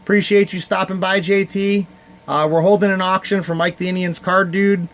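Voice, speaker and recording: A man's voice: high voice, flat delivery, normal speed. Heartfelt rambling man hosting a livestream. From Cleveland area, United States. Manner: heartfelt and rambling, thanking viewers by name. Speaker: livestream host running a charity card auction. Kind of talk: casual livestream chat.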